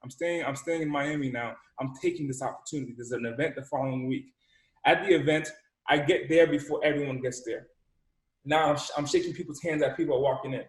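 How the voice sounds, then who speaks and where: Animated man telling a story. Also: mid-range voice, quick pace. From Rhode Island. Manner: animated, acts out dialogue, repeats words. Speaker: entrepreneur and speaker. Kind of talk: personal storytelling. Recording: echoey room.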